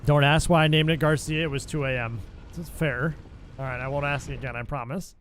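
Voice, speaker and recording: A man's voice: on the high side, fairly even intonation, brisk, a bit bright, a little hiss or hum. A young adult man streaming a game, chatting casually and joking back and forth with his live chat. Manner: playful, bantering with chat. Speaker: gaming streamer.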